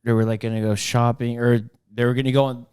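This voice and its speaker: Smooth-voiced man telling a rambling story. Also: mid-range voice, flat delivery, quick pace, a little mellow. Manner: rambling, many fillers and restarts. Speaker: podcast co-host. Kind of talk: casual storytelling.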